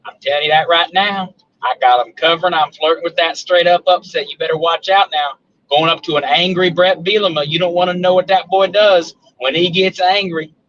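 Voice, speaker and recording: A man's voice: a little high, fairly even intonation, brisk, a bit bright, dull audio. A man with a Southern accent calling in to a live sports show, talking in a folksy, teasing drawl. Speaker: caller. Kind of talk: casual call-in banter.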